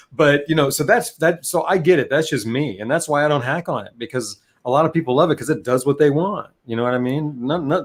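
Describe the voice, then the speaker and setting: A man co-hosting a casual chat, talking in a relaxed, candid way and often asking "you know what I mean". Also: mid-range voice. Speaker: co-host and vape reviewer.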